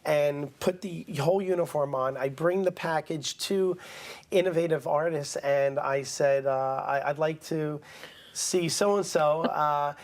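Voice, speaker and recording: A man speaks as a guest on an interview program, spinning a lively anecdote. He plays every character himself, changing his delivery for each quote he relates. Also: on the high side, measured pace. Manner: animated storyteller acting out quotes. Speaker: guest, writer-director-producer. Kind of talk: casual storytelling interview.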